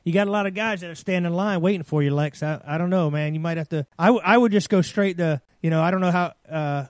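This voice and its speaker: A man's voice: fairly high pitch, fast, dry recording. A man hosting a live talk radio show, rambling and laughing often.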